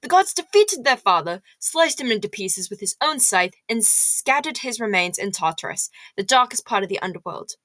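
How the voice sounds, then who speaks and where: A stern, learned middle-aged male teacher, as a woman reads him aloud, lecturing in a measured, formal way. The voice is bright and clear, and the recording is close and dry. It belongs to an audiobook-style reading of a novel. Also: fairly high pitch, very animated, no room sound. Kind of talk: audiobook character voice.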